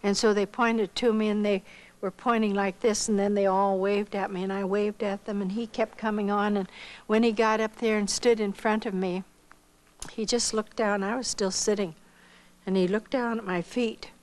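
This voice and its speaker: An older woman from Iowa giving a missionary testimony, telling her story with lively acted-out dialogue. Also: medium pitch, normal speed, rough recording. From Iowa, United States. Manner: animated storyteller who acts out quoted dialogue.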